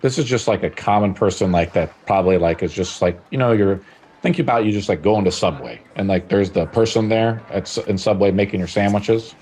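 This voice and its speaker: A man's voice: on the low side, a little fast, darkish tone. A man narrating a tabletop game as game master, rambling with lots of fillers. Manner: rambling, lots of "like" and "you know".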